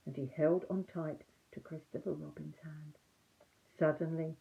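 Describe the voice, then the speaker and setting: An older woman reading a children's story aloud as a grandmother, drawing out words expressively. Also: sits low. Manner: lively, drawn-out expressive reading. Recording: tinny phone-like sound.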